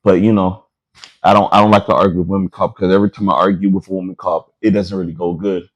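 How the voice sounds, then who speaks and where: Animated man telling a story. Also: deep voice, quick pace, dull audio. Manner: animated, acts out the people in his stories. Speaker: podcast host. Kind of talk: casual storytelling chat.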